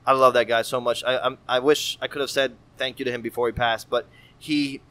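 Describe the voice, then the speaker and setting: A man in his thirties, a guest on a casual podcast, telling stories in an animated, profane, slangy way. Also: mid-range voice, a little fast. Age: 30s. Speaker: guest artist.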